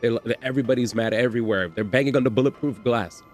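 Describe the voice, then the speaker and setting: A man hosting a livestream, telling a story in an animated, slangy way with swearing and repetition. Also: medium pitch, quick pace, soft background music. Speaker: livestream host. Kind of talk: casual storytelling on stream.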